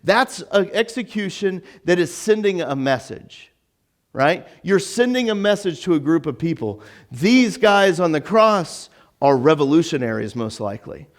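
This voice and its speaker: A pastor delivering a conversational sermon in church, animated and acting out the lines he quotes. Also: unhurried. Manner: animated, acts out quotes with sudden rises in pitch.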